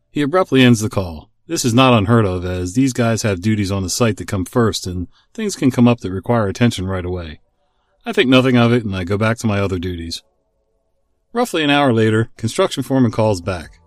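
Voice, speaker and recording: A man hosting a podcast, reading stories aloud in an expressive, amused way. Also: on the low side, brisk, no echo, soft background music. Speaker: podcast host and story reader. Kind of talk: story narration.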